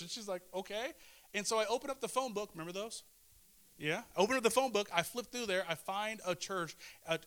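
A middle-aged man preaches a sermon in a loose, conversational way, often restarting and repeating lines for emphasis. His voice sits high and sounds bright and forceful. He keeps turning to the congregation with questions. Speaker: pastor.

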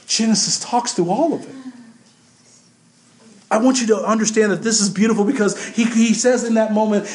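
A pastor preaching a sermon in an emphatic, conversational way, repeating words and asking the congregation questions. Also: male voice, high-pitched, normal speed, a little mellow, echoey room. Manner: addresses the congregation directly with questions.

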